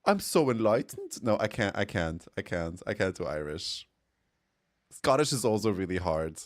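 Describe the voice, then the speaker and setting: Man, game streamer, casual live chat, giggly, reacts to chat, very lively pitch. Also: normal speed.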